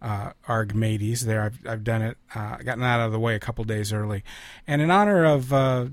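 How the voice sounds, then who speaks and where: A man hosting a radio show, introducing recordings in a relaxed, halting way with pauses and restarts. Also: mid-range voice, dry recording. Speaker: radio host. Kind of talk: casual on-air chat introducing recordings.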